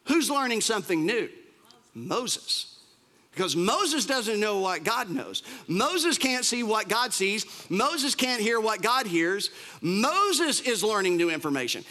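A male pastor preaching a sermon in an animated, conversational way, with humorous asides. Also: sits high, takes it slowly.

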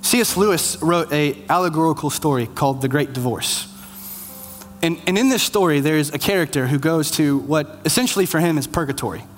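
A man's voice: fairly high pitch, animated, a little fast. A man preaching a sermon in an earnest, conversational way. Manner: earnest, conversational, self-deprecating. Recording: long hall reverb, faint music.

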